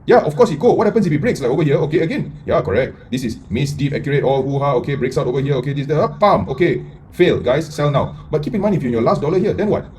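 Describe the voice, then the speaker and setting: A man teaching a live trading lesson in a blunt, profane way, firing rhetorical questions at his viewers and swinging between loud bursts and mutters. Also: on the high side, animated, fast, a little hiss or hum. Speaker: trading mentor.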